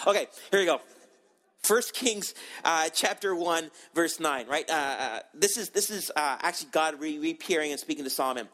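Higher-voiced man preaching an emphatic sermon. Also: lively intonation, normal speed, a bit bright. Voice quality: earnest, emphatic, with repeated restarts. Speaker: pastor.

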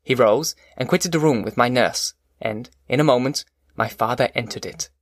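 A man narrating a classic novel as an audiobook in a measured, formal reading. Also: medium pitch, no echo, clean studio sound.

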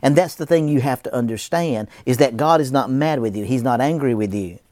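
A man's voice: mid-range voice, a little fast, darkish tone, no room sound. A man preaching a sermon as a pastor, emphatic, with a repetitive preaching cadence.

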